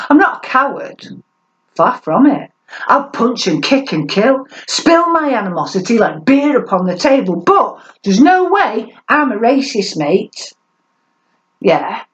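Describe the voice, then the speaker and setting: Woman poet, sardonic spoken-word delivery, unhurried, dull lo-fi recording. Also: fairly high pitch. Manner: sardonic, animated delivery with laughs. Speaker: performance poet. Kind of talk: spoken word poetry performance.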